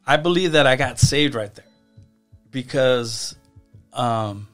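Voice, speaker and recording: A man speaking as a podcast guest, telling his life story in a halting way and often repeating his words. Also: mid-range voice, a bit bright, soft background music. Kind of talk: personal testimony in casual conversation.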